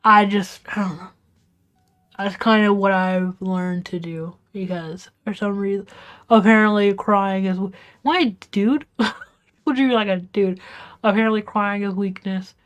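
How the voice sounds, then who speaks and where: A woman livestreamer vents to her viewers late at night at home. She keeps her voice low, often dropping to a half-whisper, and rambles with frequent restarts and casual swearing. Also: steady tone, measured pace. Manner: hushed, half-whispered talk to keep quiet. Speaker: live streamer. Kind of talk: venting storytime on a livestream.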